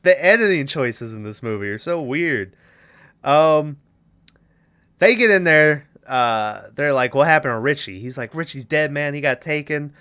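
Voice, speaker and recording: A man's voice: fairly high pitch, animated, a little slow, fairly bright tone, clear, resonant tone. A man on a podcast casually retelling a movie's plot and acting out the characters' lines in a rambling way. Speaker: podcast co-host.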